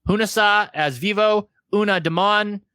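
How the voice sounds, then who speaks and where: A man's voice: high-pitched, moderate pace, pushed and bright, smooth, dry recording. A man co-hosting a horror podcast, casually reading off film credits with profane jokes. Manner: profane, jokey. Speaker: podcast co-host.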